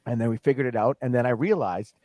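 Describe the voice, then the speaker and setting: A man in his forties, a guest DJ, telling stories on a podcast in a lively, laughing way and swearing freely. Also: medium pitch, no room sound. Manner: animated, swears freely, laughs often, quick asides. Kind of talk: casual podcast storytelling. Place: podcast studio.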